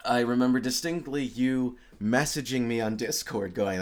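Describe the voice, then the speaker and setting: A man's voice: mid-range voice, moderate pace. A man co-hosting a casual film podcast, joking wryly as he talks through a plot. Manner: wry, joking commentary. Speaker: podcast co-host. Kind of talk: casual film-review chat.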